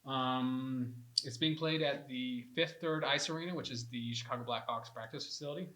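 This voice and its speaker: A man's voice: medium pitch, moderate pace, sharp tone. A man co-hosting a hockey podcast in a casual, rambling way, often saying "dude". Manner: laid-back, rambling, laughs often, says "dude". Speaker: podcast co-host; veteran warrior hockey organizer.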